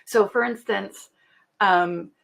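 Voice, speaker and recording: A woman's voice: mid-range voice, slow pace, creaky. A Canadian woman presenting a webinar in a chatty, casual way, laughing often and using lots of fillers.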